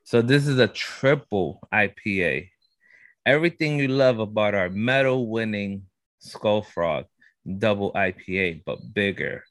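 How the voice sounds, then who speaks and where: A young man with a low voice talks in loose slang on a casual podcast and keeps calling out to the listeners as guys. His voice sounds close and dry, with no room around it. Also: lively intonation, unhurried, a bit bright, no room sound. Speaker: podcast co-host. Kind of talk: casual chat.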